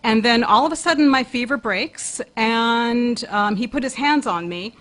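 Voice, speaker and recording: A woman's voice: fairly high pitch, normal speed, a bit bright, poor audio. A woman co-hosting a talk show who earnestly recounts a vivid personal experience, often restarting her phrases. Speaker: co-host, paranormal investigator.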